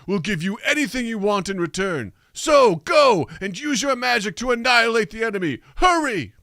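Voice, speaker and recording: A pompous, indignant old minister, as a man plays him in a comedic anime parody. He talks in a raised, bright, huffy way and barks bossy orders. The sound is dry. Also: high-pitched, animated, normal speed, no echo, pitched above the performer's own voice, heavily acted. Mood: pleading.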